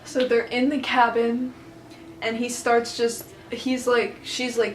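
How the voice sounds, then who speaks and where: Woman, book vlogger, casual excited rambling, fairly high voice, echoey room, faint background noise. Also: slow pace. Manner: excited rambling retelling with many fillers.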